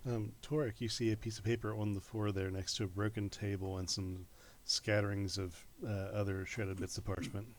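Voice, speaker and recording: A man narrating as game master of a tabletop game, halting with many fillers. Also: fairly low pitch, level tone, a little hiss or hum.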